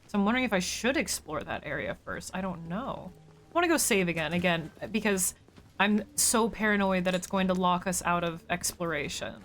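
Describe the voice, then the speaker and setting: A woman's voice: lowish voice, a little fast, fairly bright tone. A woman streamer chatting casually as she plays, thinking aloud and talking to her viewers. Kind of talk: casual gameplay commentary.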